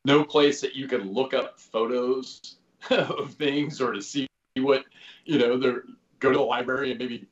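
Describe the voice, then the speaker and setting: A man's voice: mid-range voice, steady tone, a little slow. Rambling man in a roomy room. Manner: rambling, full of "you know" and "like", swears casually. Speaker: guest, former special operations soldier. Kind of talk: casual interview storytelling. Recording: roomy, slightly dull podcast audio.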